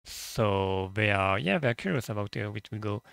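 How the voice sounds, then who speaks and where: Young French-accented male host, low dry voice, halting and blunt, casual commentary on a cheap mic. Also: animated, gravelly, fairly bright tone, clear, resonant tone, no room sound. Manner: hesitant, many "uh" fillers, blunt and profane. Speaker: channel host, translator. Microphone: cheap microphone.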